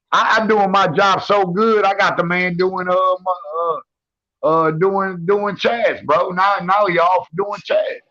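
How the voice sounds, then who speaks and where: A man chatting on a boxing panel, loud and full of slang. His voice sits a little high. The audio is muffled and lo-fi. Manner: loud, slangy trash talk. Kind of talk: casual chat. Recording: muffled lo-fi sound.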